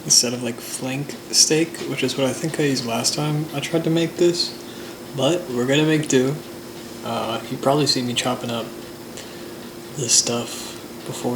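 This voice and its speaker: Brief: young male vlogger, gravelly and mid-pitched, easygoing rambling chat, faint noise behind. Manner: relaxed, rambling and reflective, with many likes and uhs. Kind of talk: casual vlog chat.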